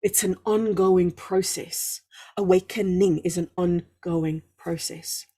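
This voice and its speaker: A woman's voice: fairly low pitch, steady tone, takes it slowly, dark tone, slightly rough. A woman hosting a live spiritual talk, effusive and encouraging, drawing out emphatic words and answering viewers' comments. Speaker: spiritual livestream host.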